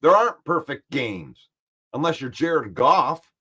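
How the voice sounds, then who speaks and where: His voice is a little high, a bit slow, and slightly rough as he hosts a casual sports live stream about football. Reading viewer comments out loud, the host argues back with firm, animated defensiveness.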